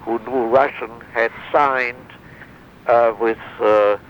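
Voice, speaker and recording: An older man speaks slowly and haltingly, trailing off into fillers and restarting his sentences as he recounts his memories. His voice sits in a middle pitch. The recording is dull and lo-fi, with a faint noise underneath. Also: fairly even intonation. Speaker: interviewee, former wartime interrogator.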